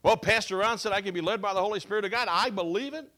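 A man voicing a hurried churchgoer who prays while ordering fast food at a drive-thru. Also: high-pitched, bright, forceful tone, pitched above the performer's own voice. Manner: eager, rushed, distracted.

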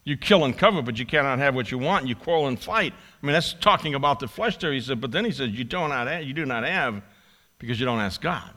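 A man's voice: medium pitch, lively intonation, fast, bright, forceful tone. A male pastor preaching a sermon, acting out a pleading prayer with drama and repeating his key lines for emphasis.

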